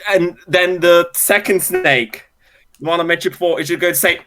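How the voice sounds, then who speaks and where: A man's voice: sits high, steady tone, moderate pace, noisy background. A young man playing a tabletop game, stammering and hesitant while voicing his characters. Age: young adult. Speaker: player. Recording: remote game recorded over microphones.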